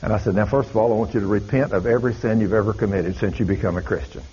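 A man's voice: on the low side, racing, warm tone, slightly rough. A man preaching, telling a story in a folksy, dramatic way. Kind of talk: sermon storytelling. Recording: dull lo-fi recording.

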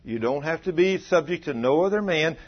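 A man's voice: a little high, fairly quick, breathy edge. A man preaching a sermon, telling a story with acted-out dialogue and quoting scripture. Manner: animated, acts out dialogue, quotes scripture. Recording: dull lo-fi sound.

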